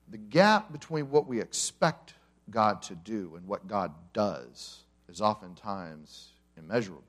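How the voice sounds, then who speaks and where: A male pastor giving a conversational sermon to a congregation, telling the story with humor and acting out the characters. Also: lowish voice. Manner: animated storyteller, acts out quotes with humor. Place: church service before a congregation.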